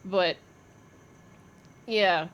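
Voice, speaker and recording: A woman's voice: lowish voice, fairly even intonation, drawn-out words, a bit bright, a little hiss or hum. A young woman giving a casual tarot reading, thinking aloud with fillers, swearing freely and laughing often. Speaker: tarot reader.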